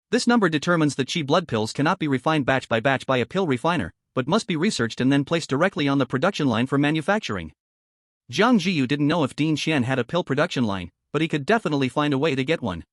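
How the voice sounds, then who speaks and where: Lively male audiobook narrator. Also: a little high, no echo, clean studio sound.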